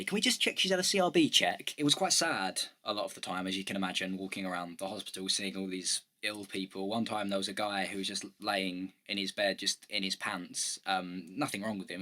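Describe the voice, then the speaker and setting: A man's voice: low voice, bright, forceful tone. A man giving a comic storytelling monologue in a wry, dry delivery.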